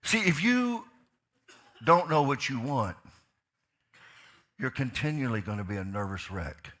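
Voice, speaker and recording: A male pastor preaches from a church stage. His voice is bright and forceful. He drops to quiet asides, then rises to loud, fired-up stretches, and keeps firing repeated questions at the crowd. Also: fairly low pitch. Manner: asks the crowd questions, repeats lines for emphasis. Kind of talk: sermon. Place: church sanctuary.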